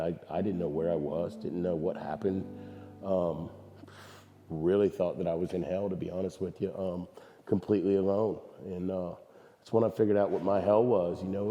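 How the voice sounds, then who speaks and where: Deep dark-voiced man giving testimony. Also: long reverb tail, muffled recording. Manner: halting, earnest, many fillers. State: voice worn from screaming. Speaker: church member giving testimony. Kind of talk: personal testimony.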